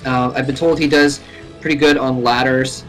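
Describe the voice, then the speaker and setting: An esports caster at home calls a live match in a chatty way, laughing often and rising sharply in pitch when things get exciting. His mid-range voice moves at a normal speed over a rough recording with faint music in the background.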